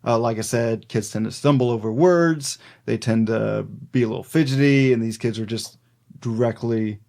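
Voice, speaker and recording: A man co-hosts a folklore podcast in relaxed, unscripted chat. His pitch sits in an ordinary middle range, and he rambles through his notes with frequent fillers and easy laughs. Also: normal speed, gravelly. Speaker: podcast co-host.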